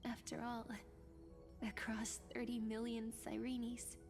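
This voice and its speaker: An actress voicing a gentle young woman in a game who bids a tender farewell in a soft, breathy whisper, speaking slowly and earnestly. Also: fairly high pitch, completely flat delivery, over music. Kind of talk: game character dialogue.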